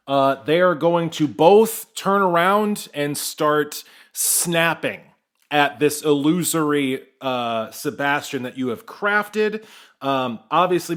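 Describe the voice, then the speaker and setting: A man's voice: a little high, a bit bright. A man narrating as game master in a tabletop game, loose and conversational with frequent fillers.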